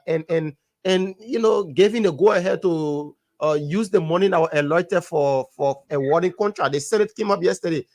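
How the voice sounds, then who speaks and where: Male talk radio host, halting and filler-heavy, high pitch, dry sound. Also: no room sound. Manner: halting, many fillers and restarts. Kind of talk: call-in talk show hosting.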